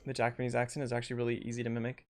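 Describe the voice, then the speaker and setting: A man's voice: medium pitch, monotone, rapid-fire. A young man live-streaming a game, chatting casually and answering viewers' questions between rounds, with lots of fillers. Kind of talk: casual live-stream chat while gaming.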